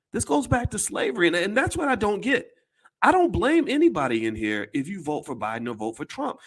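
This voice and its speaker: A man's voice: high-pitched, sing-song, a little fast. A man giving casual commentary to his audience, blunt and emphatic, with some swearing, often repeating words and restarting his sentences.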